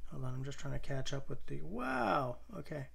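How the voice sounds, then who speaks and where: A man's voice: medium pitch, very animated, normal speed, creaky, a bit bright, husky. A man from Canada hosting a casual live stream, rambling and thinking aloud as he reads and answers viewers' chat. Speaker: livestream host.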